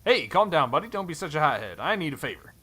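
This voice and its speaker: A man voicing a rough, friendly male mercenary from a fantasy game, with a put-on cowboy drawl and a folksy, sly way of talking. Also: on the high side, very animated, fast, sharp tone, heavily acted.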